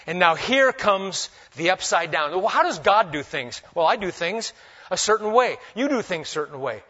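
A man preaching a sermon, swinging between loud emphasis and hushed, humorous asides. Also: high-pitched, expressive, moderate pace. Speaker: pastor. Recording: dull lo-fi recording.

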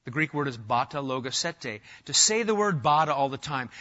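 A middle-aged man preaching a sermon as pastor, animated, swinging between loud emphasis and soft asides. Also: medium pitch, a little fast, few pauses, lo-fi sound.

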